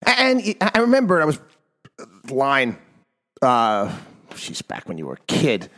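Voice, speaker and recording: A man hosting a talk program, ranting in an exasperated monologue that swings from loud outbursts to low mutters, in his fifties. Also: huge pitch swings, measured pace. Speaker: radio talk show host. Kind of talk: opinionated monologue.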